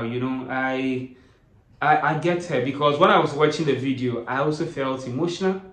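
Pleading Ghanaian man in an echoey room. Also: fairly high pitch. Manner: earnest, pleading, mixing English and Twi. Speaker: online show host. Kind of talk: emotional commentary. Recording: roomy echoing sound.

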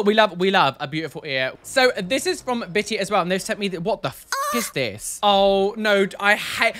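A man's voice: high voice, expressive, moderate pace, bright, forceful tone. A man, a body piercer, hosting a casual reaction video in a camp, sassy, exclamatory way. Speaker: body piercer and show host.

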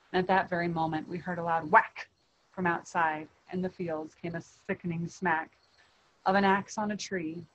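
A woman reading a rhyming children's storybook aloud in an expressive way. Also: fairly low pitch, moderate pace, dull audio. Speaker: reader.

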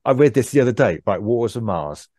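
A man co-hosting a casual podcast chat, talking with frequent ums and pauses and laughing easily. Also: mid-range voice, expressive, mellow, dry recording, studio quality. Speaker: podcast host.

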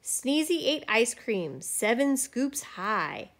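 Slow, lively woman reading a storybook. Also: on the high side. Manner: lively, expressive, rhythmic rhyming reading. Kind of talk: reading a rhyming children's picture book aloud.

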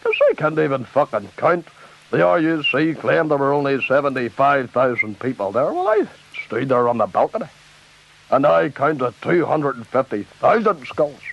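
A man's voice: mid-range voice, big pitch swings, normal speed, vocal fry. A man with a Northern Irish accent doing a comic impression of a ranting, foul-mouthed loyalist preacher-politician. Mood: boastful. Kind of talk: comic radio sketch impression. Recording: dull lo-fi tape with faint hiss.

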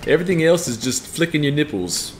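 A man's voice: a little high, sing-song, a little fast, background noise. A man with a strained voice giving joking, profane live commentary as he plays a game and reads chat aloud. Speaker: game streamer.

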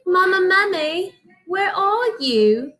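A woman's voice: animated, slow pace, fairly bright tone, exaggerated voice. A woman putting on a British-accented baby mummy. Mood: calling out. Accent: British, put on. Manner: high, pleading childlike voice. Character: little baby boy mummy, scared and pleading.

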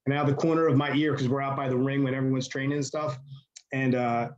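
Male interview guest, casual rambling storyteller, average pitch, dull recording. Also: level tone, fast. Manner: rambling, lots of fillers.

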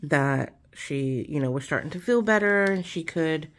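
A woman chatting casually while she crafts, relaxed and rambling with many fillers. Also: sits low, normal speed. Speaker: craft vlogger.

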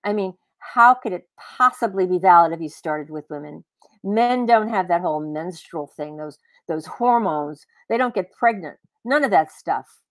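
A woman's voice: on the low side, expressive, normal speed, dry recording, natural voice. A woman voicing an argumentative, dismissive man who lectures his companion in a cafe, in a dry room. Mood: lecturing. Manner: condescending, lecturing.

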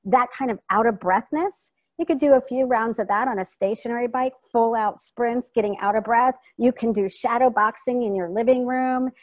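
Animated woman giving a dry-sounding wellness talk. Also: on the high side, moderate pace, few pauses, dry recording, muffled recording. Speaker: wellness coach. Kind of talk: online community health talk. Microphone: video call.

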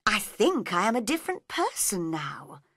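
A woman's voice: mid-range voice, huge pitch swings, normal speed, a bit bright, no echo, studio quality. A woman voicing a polite, puzzled young girl who talks earnestly and asks many questions.

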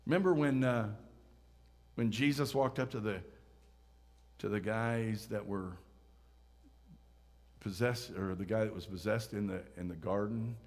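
A man preaching a sermon, swinging from loud emphatic rises to hushed near-whispers. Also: lowish voice, a little slow, pauses often. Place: church sanctuary. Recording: church hall reverb.

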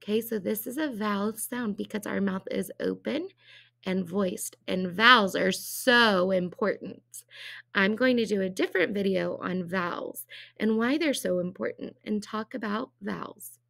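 A woman's voice: medium pitch, unhurried, creaky, a bit bright. A woman teacher giving a phonics lesson to young children, drawing out sounds and asking cheerful, encouraging questions. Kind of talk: early-reading phonics lesson.

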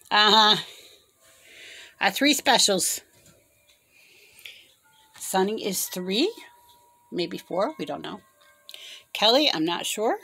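A woman's voice: medium pitch, a bit bright. A middle-aged woman chatting casually about the birds she cares for, slipping into sing-song baby talk with them. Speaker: bird rescue caretaker. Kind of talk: casual chat.

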